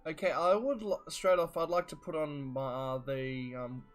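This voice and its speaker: A man speaking as a player in casual game banter, halting and hesitant. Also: a little high, expressive, faint music behind.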